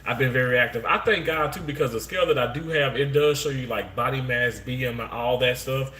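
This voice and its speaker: A man's voice: mid-range voice, brisk, bright, forceful tone, a little hiss or hum. A man, hosting a livestream and chatting to viewers in a rambling, heartfelt way with many restarts. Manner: Southern-flavored speech, says y'all. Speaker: livestream host. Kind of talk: casual chat to live chat viewers. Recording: roomy echo.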